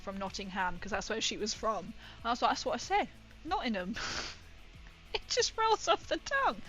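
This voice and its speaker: A woman's voice: fairly high pitch, bright, forceful tone, rough recording. A woman with a northern English accent chatting playfully with her stream while painting, laughing often. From northern England. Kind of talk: casual livestream chat while painting. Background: faint music.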